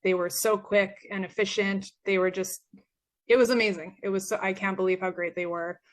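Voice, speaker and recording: A woman's voice: mid-range voice, fairly even intonation, brisk. Earnest young woman from Canada. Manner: earnest, grateful, with frequent fillers. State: losing her voice. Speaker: former patient. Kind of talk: personal testimonial.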